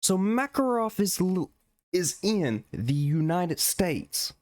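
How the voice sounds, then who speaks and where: A man's voice: high voice, very animated, takes it slowly, darkish tone, dry recording, studio quality. A man giving a profane, exasperated rant as a gaming commentator. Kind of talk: ranting video commentary.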